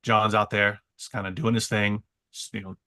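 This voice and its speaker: A man on a podcast, telling a story with excitable energy and frequent stammering repeats. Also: lowish voice, moderate pace. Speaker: guest. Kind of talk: animated storytelling.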